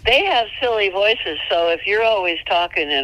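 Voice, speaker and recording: A woman mule trainer giving casual, folksy advice, chatty and quick to laugh, sometimes jumping into high, playful tones. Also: expressive, fairly bright tone, dry recording, highs cut off. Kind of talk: casual instructional chat.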